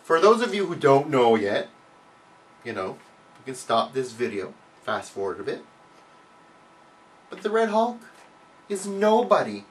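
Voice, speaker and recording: A man hosting his own vlog, answering viewer questions in a casual, heavily profane rant that bursts into loud, mocking outcries. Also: sing-song, moderate pace, recorded from a distance. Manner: swears a lot, mocks with loud high outbursts.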